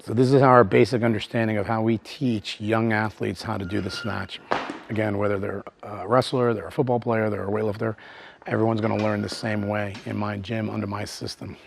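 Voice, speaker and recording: A man's voice: lowish voice, flat delivery, fairly quick, creaky, a little hiss or hum. A middle-aged man, a strength coach, explaining lifting technique in plain, filler-heavy talk and calling out short cues to athletes in a gym. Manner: plain-spoken, lots of fillers, barks short loud cues during lifts. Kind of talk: instructional talk and live lift coaching. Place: training gym.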